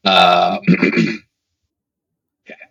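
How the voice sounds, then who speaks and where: A man walking a class through a coding setup in a relaxed, rambling way, correcting himself as he goes, heard over a video call. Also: low-pitched, very slow, recorded from a distance. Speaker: instructor. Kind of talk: live coding walkthrough.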